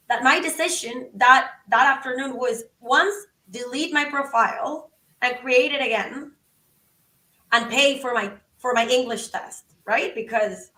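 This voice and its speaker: A woman guest on a podcast, telling a story in an animated, excitable way and acting out the quotes. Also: a little high, reverberant, distant mic, poor audio. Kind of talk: casual storytelling.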